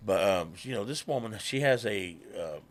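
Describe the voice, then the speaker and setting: A man, a musician guest telling stories in casual talk, animated and swearing freely. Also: fairly low pitch, normal speed. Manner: animated, swears freely, acts out quoted people. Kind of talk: casual conversational storytelling.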